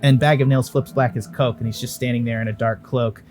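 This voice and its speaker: A man's voice: medium pitch, steady tone, brisk, a little mellow, faint music behind. A man running a tabletop role-playing game as game master, talking bluntly and jokingly and swearing freely.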